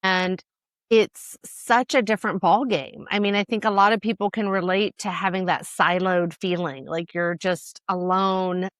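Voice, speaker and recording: A woman co-hosting a relaxed podcast chat, easygoing and quick to laugh. Her voice sits at an ordinary middle pitch. The sound is close and dry. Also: no room sound. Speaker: podcast co-host, travel advisor.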